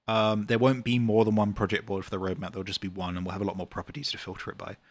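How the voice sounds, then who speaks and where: A man's voice: lowish voice, level tone, racing, no room sound. A British man, a game developer, answering chat questions in a rambling, casual livestream Q&A full of ums and uhs.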